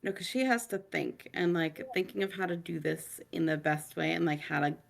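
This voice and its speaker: A woman's voice: deep voice, fairly even intonation, normal speed, vocal fry. A woman playing a tabletop role-play, talking in a casual, hesitant, rambling way. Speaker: player. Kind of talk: casual tabletop game talk.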